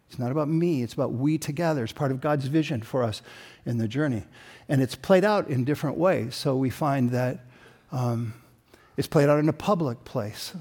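A man as pastor preaching a sermon, telling a story and building to emphatic peaks, with frequent throat-clearing. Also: a little high, a little mellow.

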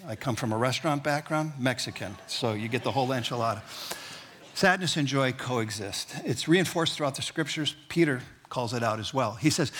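Male pastor, husky voice, folksy sermon with light jokes and call-and-response. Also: medium pitch, normal speed, a bit bright. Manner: conversational and folksy, with humorous asides; leads the congregation in call-and-response.

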